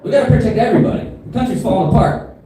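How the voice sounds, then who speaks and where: A man in his thirties doing a crude stand-up comedy set in a club, with a deadpan delivery and asides to the crowd. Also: sits high, racing, noisy background. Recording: roomy live club sound, from a distance.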